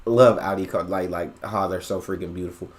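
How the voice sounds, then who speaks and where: Brief: low-voiced male reaction host, casual and playful, likes testing words aloud. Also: fairly even intonation, fairly quick. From United States. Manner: playful, repeats words to try them out.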